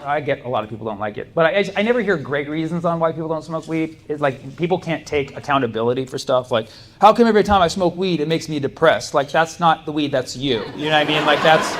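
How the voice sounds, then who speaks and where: A man doing a stand-up set in a comedy club, chatting with the crowd in a loose, laid-back way, full of likes and you-knows, often laughing. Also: on the high side. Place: comedy club stage with an audience. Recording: live club room with noise.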